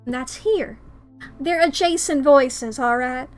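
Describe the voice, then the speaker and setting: A woman's voice: high-pitched, takes it slowly, soft background music. A woman streaming a story game, chatting casually with self-mocking asides between reading lines. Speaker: streamer playing a visual novel.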